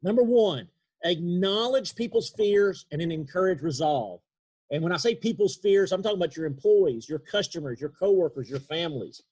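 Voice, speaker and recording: Husky-voiced East Texas man. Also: sits high, expressive, darkish tone. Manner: earnest, emphatic, slows down for key points. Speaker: leadership speaker. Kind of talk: motivational webinar talk. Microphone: video call.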